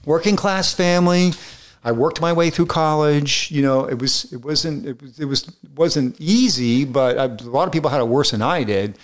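A man's voice: on the high side, moderate pace. A middle-aged man, a film director being interviewed, telling long, rambling stories in a casual way with many restarts.

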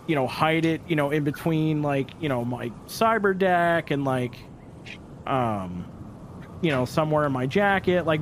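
A man playing a tabletop game, feeling his way through his turn with lots of pauses and fillers. His voice sits a bit high for a man. A faint hiss runs underneath. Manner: hesitant, many fillers and restarts. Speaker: player. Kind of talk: casual tabletop play.

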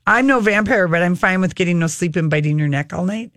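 A woman's voice: on the low side, quick pace, a bit bright, dry recording, studio quality. A woman co-hosting a radio show, reading lines in a jokey, mock-flirty way and chatting with plenty of fillers. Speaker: radio co-host. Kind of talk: playful casual banter.

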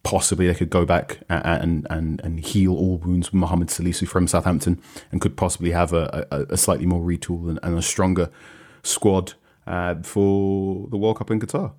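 A British man working as a football journalist, telling a story in a relaxed, conversational way with many fillers and restarts. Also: low-pitched, fairly quick. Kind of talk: conversational reporting.

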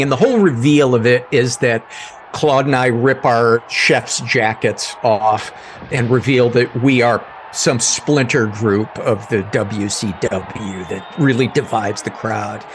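A man, a guest comedian, telling a wry, animated story in casual talk. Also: medium pitch, noisy background.

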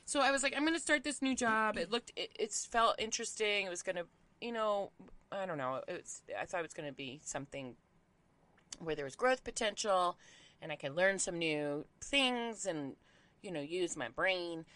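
A woman's voice: lowish voice, lively intonation, moderate pace, fairly bright tone. A woman in her thirties hosting a podcast, telling a story in casual chat and acting out the quotes with lots of laughter. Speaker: podcast host.

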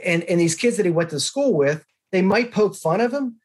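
Earnest storytelling man, fairly high voice. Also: normal speed. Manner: earnest, storytelling, animated emphasis. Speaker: podcast guest, author. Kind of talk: conversational interview.

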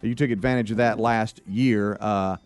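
A man's voice: fairly low pitch, fairly even intonation, normal speed, smooth, no echo. Rambling radio co-host man. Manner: rambling, many fillers and restarts. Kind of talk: casual radio banter.

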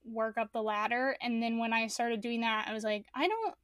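Woman co-host, slightly high voice, dry close recording, easygoing filler-heavy chat. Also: moderate pace, no room sound. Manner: relaxed, fillers like "like". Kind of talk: casual podcast chat.

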